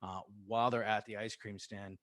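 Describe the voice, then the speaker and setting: A man's voice: fairly low pitch, level tone, normal speed, fairly bright tone. A man co-hosting a podcast, casually recapping a film with lots of fillers and laughter. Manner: rambling, laughs, acts out quoted lines. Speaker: podcast co-host. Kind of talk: casual movie recap chat.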